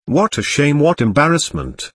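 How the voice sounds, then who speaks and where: Une tante d'âge mûr inquiète et vite bouleversée, que joue un homme, dans un conte lu à voix haute. Elle parle d'un ton agité, la voix voilée. Le son est sec et proche. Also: male voice, on the high side, very animated, moderate pace, husky, no echo. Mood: fretful. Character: worried middle-aged aunt, easily shocked.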